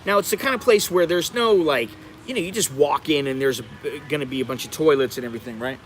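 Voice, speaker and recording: A man's voice: quick pace, a little hiss or hum. American man telling stories outdoors. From United States. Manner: animated, bursts into high-pitched laughter and acted-out exclamations. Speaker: vlogger. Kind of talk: casual storytelling livestream.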